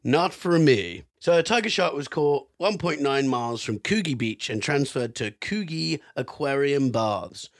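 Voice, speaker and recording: A man's voice: medium pitch, lively intonation, moderate pace, few pauses, dry recording, clean studio sound. A man co-hosting a casual podcast, reading out an odd history story with amused, swearing asides. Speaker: podcast co-host.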